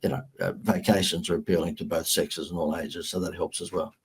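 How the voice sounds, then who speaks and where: An older Australian man, a marketing guest, telling animated, self-mocking stories in a podcast interview. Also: low voice, fairly quick, breathy edge.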